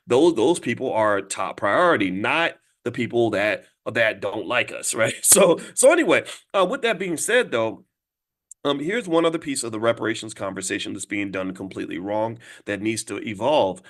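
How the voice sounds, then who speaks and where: Fast-talking man ranting on a stream. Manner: fast, animated, acts out quoted voices with big pitch jumps. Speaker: online show host. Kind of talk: fast live-stream commentary.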